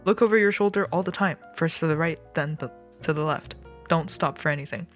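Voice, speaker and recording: A woman reading aloud, voicing an impatient young male mouse who shouts instructions. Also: low voice, faint music behind, natural voice. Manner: shouting, hurried.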